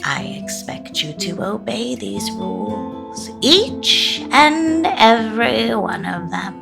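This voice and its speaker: A woman voicing a menacing, unpredictable substitute teacher in an audio horror story. She speaks in hushed, threatening whispers that suddenly flare into shouts. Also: medium pitch, very animated, slow pace, vocal fry, over music, full character voice. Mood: stern. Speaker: voice actor.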